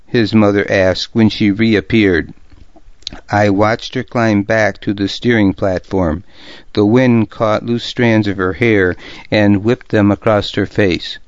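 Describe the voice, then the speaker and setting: A man narrating a historical novel in the first person, calm and measured. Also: fairly low pitch, no echo. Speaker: audiobook narrator. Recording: dull lo-fi recording.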